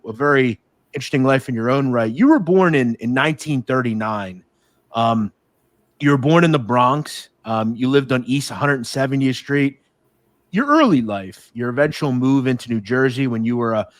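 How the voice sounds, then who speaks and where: A man's voice: mid-range voice, no room sound. A man hosting an interview podcast, opening with an upbeat promo and then asking his guest questions. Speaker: podcast host. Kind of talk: interview show intro and questions.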